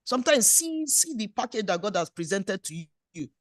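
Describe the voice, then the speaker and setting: A woman's voice: medium pitch, very animated, moderate pace, no echo, clean studio sound. A middle-aged woman, preaching a sermon in a playful, exhorting way. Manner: playful, exhorting preacher who acts out little scenes. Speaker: pastor.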